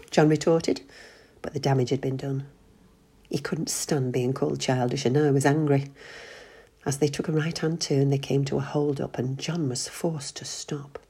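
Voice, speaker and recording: A woman reading a short story aloud, narrating in a steady, husky voice. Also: a bass voice, normal speed.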